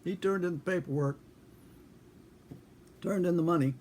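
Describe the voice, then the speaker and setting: A man's voice: high-pitched, normal speed, darkish tone, slight background noise. A man telling a casual story in a folksy, dry way, acting out both sides of a conversation. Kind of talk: casual spoken anecdote.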